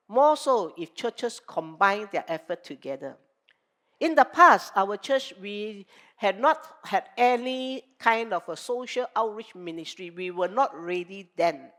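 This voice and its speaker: A woman pastor preaches in a conversational Malaysian English delivery. Her voice sits fairly high, and she keeps checking in with her listeners through rhetorical questions. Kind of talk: sermon.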